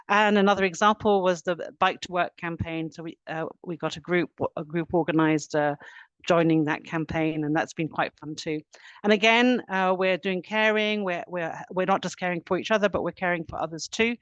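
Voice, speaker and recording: A middle-aged woman, an HR director, giving a webinar presentation in an earnest, steady way, laying out points step by step. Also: fairly low pitch, dry recording, lo-fi sound. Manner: earnest, steady explaining, lists actions step by step.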